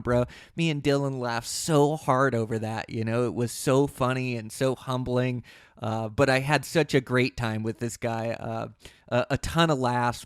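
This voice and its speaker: A podcast host opens his show casually, talking in an easygoing, rambling way full of fillers and restarts. His mid-range voice is smooth, captured in studio quality with no room sound.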